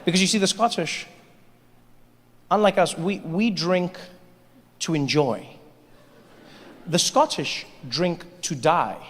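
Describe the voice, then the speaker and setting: A man doing stand-up comedy, telling stories with animated delivery and acting out characters. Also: sits high, slow pace, long pauses, in a large hall, a little hiss or hum. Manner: animated storytelling, acts out characters.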